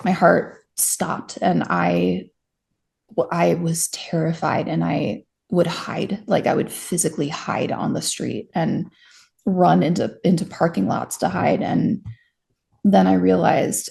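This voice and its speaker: Gravelly-voiced young woman telling her story. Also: lowish voice, slow pace, darkish tone. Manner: frank, self-deprecating, frequent restarts. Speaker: interview guest, stalking survivor. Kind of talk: candid conversational storytelling.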